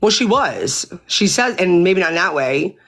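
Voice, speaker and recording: A woman's voice: on the low side, very animated, unhurried, fairly bright tone. A woman hosting her own livestream, venting in an angry, exasperated rant full of swearing. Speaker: livestream host.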